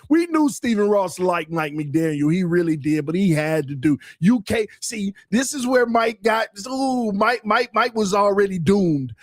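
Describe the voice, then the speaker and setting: A man hosting a live sports talk stream, loud and excitable, repeating himself and using lots of slang. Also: high voice, no room sound, clean studio sound. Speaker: podcast host.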